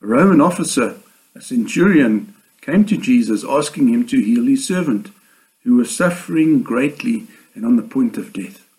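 A man delivering a sermon in a measured, earnest way, with slow emphatic pauses. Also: medium pitch, lively intonation, darkish tone, rough recording. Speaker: preacher.

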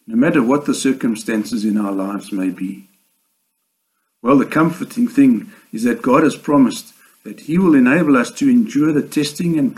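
A man delivering a sermon in a measured, earnest way, with slow emphatic pauses. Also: medium pitch, darkish tone, poor audio. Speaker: preacher.

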